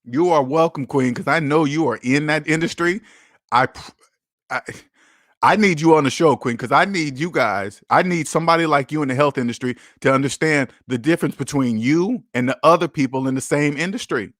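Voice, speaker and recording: A man's voice: fairly high pitch, fairly quick, fairly bright tone, dry recording, studio quality. A man hosting a casual livestream, talking bluntly and emphatically, with profanity and lots of repetition. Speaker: livestream host.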